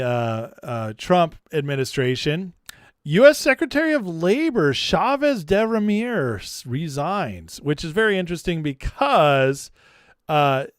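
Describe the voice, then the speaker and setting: Man, smooth clear voice, slightly high pitch, chatty and opinionated, political commentary. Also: no room sound, clean studio sound. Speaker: host.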